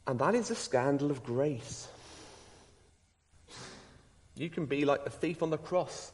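A middle-aged man preaching a sermon, earnest and lively, mixing personal stories with rising emphasis. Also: on the high side, measured pace, long pauses. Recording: long hall reverb.

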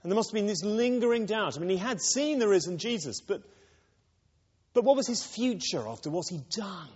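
Expressive male preacher in a reverberant hall. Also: sits high, fairly quick, slightly rough, highs cut off. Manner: expressive, acts out quoted lines. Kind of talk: sermon.

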